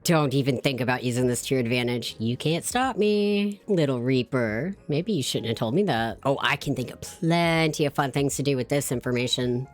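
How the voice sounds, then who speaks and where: A woman's voice: a bass voice, expressive, moderate pace, hardly any pauses, soft background music. A woman streaming a visual novel, reading the dialogue aloud and reacting in a playful, teasing, giggly way.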